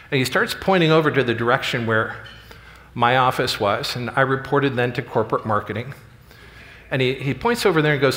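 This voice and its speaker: A middle-aged man speaks from a conference stage and talks an audience through a workplace story in an earnest, plain way. His voice sits at an ordinary pitch for a man. A long reverb from the big hall trails behind each phrase. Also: moderate pace, a bit bright. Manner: earnest, story-driven, acts out quoted lines. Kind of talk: storytelling keynote speech.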